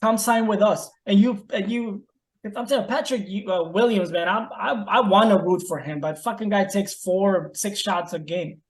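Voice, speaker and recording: A man's voice: sits high, normal speed, reverberant. A man co-hosting a casual sports podcast, arguing his point and swearing often. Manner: profane, argumentative. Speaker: podcast co-host.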